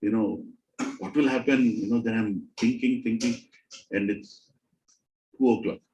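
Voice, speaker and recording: A man giving a dramatic, animated storytelling talk to a spiritual group. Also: medium pitch, unhurried, lo-fi sound. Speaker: satsang speaker. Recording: roomy hall echo.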